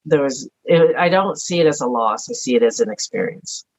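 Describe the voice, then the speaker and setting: A middle-aged woman speaking earnestly and softly as a podcast guest, thinking aloud in a reflective personal conversation. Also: rumbling low, lively intonation, fairly quick. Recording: dull lo-fi audio.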